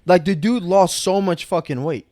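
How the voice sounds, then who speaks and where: Guy on a podcast swearing a lot, high voice, dry close sound. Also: normal speed, no echo. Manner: crude, profane, animated storytelling. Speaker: podcast co-host. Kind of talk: casual chat.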